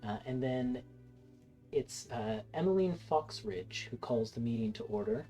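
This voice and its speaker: A game master narrating a tabletop game in a loose, hesitant way, with many pauses and restarts. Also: medium pitch, expressive, dark tone, faint music behind.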